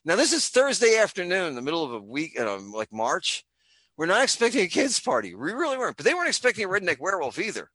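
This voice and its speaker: Male guest, theatrical joke teller, bright tone, wildly varied pitch, dry close sound. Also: huge pitch swings, fast, no echo. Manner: loud, rambling, theatrical joker. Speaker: comic creator and guest. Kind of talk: animated storytelling and joke telling.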